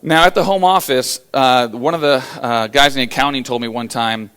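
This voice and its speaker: An American man with a clear, resonant, medium-pitched voice gives a motivational business keynote at normal speed. He tells animated stories, acting out the quotes and using lots of fillers.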